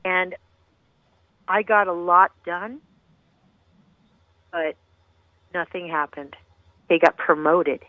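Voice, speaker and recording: With long pauses and a slow pace, a middle-aged woman with a fairly low voice shares her story as a grieving mother, speaking as a guest in an intense, rambling, heartfelt way. It's a phone call on a tinny, dry line with no room sound.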